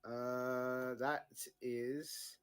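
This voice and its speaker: A man at a middle pitch runs a tabletop game session. He describes the action in an easygoing, improvised way. He speaks into a close desk mic for a livestream. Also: flat delivery, extremely slow, very noisy. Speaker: game master.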